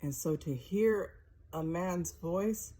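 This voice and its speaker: A woman's voice: fairly low pitch, slow pace, mellow. A woman in her thirties telling a personal story in a conversational, vivid way.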